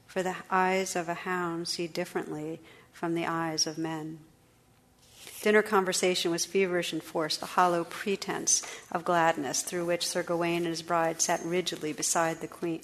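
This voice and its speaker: A woman narrating a medieval legend in a measured, expressive reading voice. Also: fairly low pitch, poor audio. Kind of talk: storybook narration.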